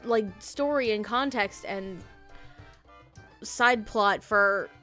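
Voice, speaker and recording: A woman's voice: medium pitch, slow, pushed and bright, faint music behind. A woman hosting a casual podcast chat, rambling and self-correcting, laughing often. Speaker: podcast host reviewing an audio drama.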